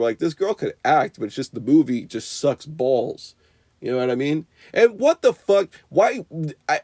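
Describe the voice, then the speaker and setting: A man's voice: medium pitch, darkish tone, no echo. A young man giving an unscripted, profane movie review rant, rambling with constant "you know" and "like".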